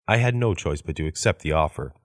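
Reading practice phrases in English, a man with a very deep voice echoes each sentence after a woman says it. His measured delivery carries broad, expressive pitch movement, and the sound is dry and close-miked.

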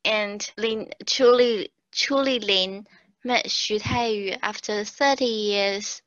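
A young woman, co-hosting a podcast in a measured, explanatory way. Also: mid-range voice, a bit bright, dry recording, dull audio. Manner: measured, explains things, steers the talk. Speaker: podcast co-host. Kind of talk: casual chat.

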